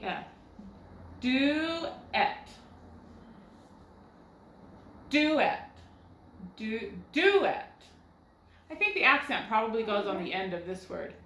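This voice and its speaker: A woman's voice: medium pitch, expressive, normal speed, hardly any pauses, sharp tone, roomy sound, slight background noise, rough recording. A woman teaching a recorded first grade phonics lesson, patiently sounding words out syllable by syllable and asking guiding questions. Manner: asks rhetorical questions to guide young students.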